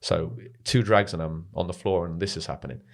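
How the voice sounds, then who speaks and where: A young man, a podcast guest telling a personal story in a casual, animated way, peppered with "mate" and swearing. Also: low voice, a little fast, vocal fry.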